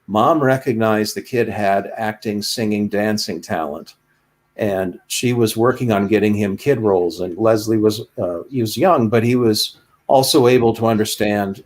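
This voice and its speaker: A man in a casual podcast chat, telling stories with lively, animated delivery. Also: on the low side, normal speed. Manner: animated storyteller, slips into quoted voices.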